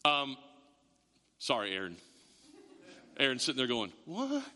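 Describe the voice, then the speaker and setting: Male pastor, high and animated, restarts often; sermon in a reverberant church. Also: measured pace. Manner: animated, self-interrupting storyteller. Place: church sanctuary, also streamed online. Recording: long reverb of a church hall.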